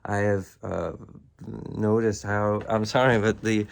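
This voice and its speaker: A man's voice: lowish voice, little pitch movement, a little slow, vocal fry, clean tone. A man talking alone to his viewers in a loose, disjointed monologue, full of fillers and bursts of laughter. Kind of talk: rambling solo monologue to viewers.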